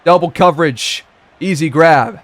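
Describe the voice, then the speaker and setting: A man giving play-by-play commentary over a football video game, reacting loudly to big plays. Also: fairly high pitch, measured pace, no echo. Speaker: gaming commentator.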